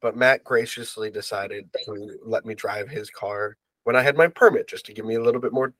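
Brief: young male co-host, dry deadpan humor, close dry mic. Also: lowish voice, fairly quick, dry recording. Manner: deadpan, self-deprecating joking. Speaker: podcast co-host. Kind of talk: casual chat.

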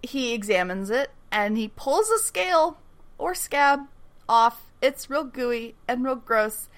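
Animated, swearing woman recapping a show. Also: fairly high pitch, slow pace. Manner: animated, profane, laughs often, acts out characters' lines. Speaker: podcast co-host recapping a TV show. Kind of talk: casual chat.

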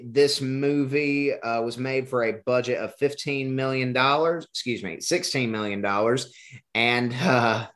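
A man's voice: mid-range voice, bright, forceful tone. A man hosting a podcast in casual chat, rambling and joking, often restarting his words. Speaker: podcast host.

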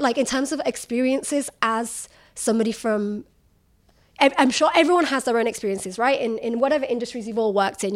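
A young woman journalist talking candidly in an interview, animated and quick to laugh, acting out remarks she has heard. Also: on the high side. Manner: animated, laughs often, acts out quoted remarks. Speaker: journalist guest.

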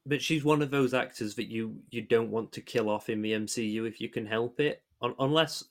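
A man co-hosts a podcast in a mid-range voice at a fairly quick clip. He chats casually, thinking out loud in a rambling way, hesitating often and restarting his sentences.

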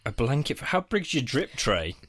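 A man's voice: medium pitch, sing-song, moderate pace, a bit bright, slightly rough. A man, co-hosting a film podcast in casual chat, swearing freely and restarting his sentences. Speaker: podcast co-host.

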